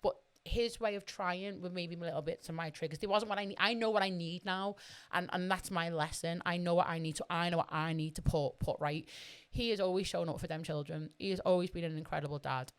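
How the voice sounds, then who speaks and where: A woman's voice: fairly low pitch, steady tone, fairly quick, smooth. A middle-aged woman, a podcast guest telling her story bluntly and with lots of swearing. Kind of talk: candid conversational storytelling.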